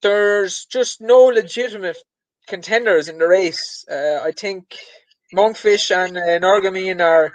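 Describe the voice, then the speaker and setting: A man's voice: high-pitched, unhurried, dry recording, rough recording. A man co-hosting a podcast, talking casually about betting in an easygoing, self-deprecating way. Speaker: podcast co-host.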